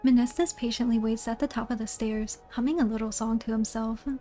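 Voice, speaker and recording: A woman's voice: a little high, steady tone, brisk, mellow, faint music behind. A woman narrating a spooky play aloud, reading the stage directions in a plain storybook way.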